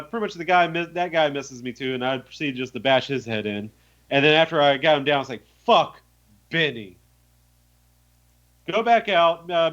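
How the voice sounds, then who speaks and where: Animated swearing guy with a higher voice. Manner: animated, profane storytelling with many fillers. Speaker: podcast co-host. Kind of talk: casual chat, retelling a tabletop game. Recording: muffled lo-fi audio.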